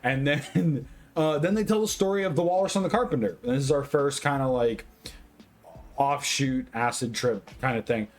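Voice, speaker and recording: A tipsy man giving a casual movie review, rambling, swearing constantly and getting excitable. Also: medium pitch, moderate pace. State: tipsy, drinking.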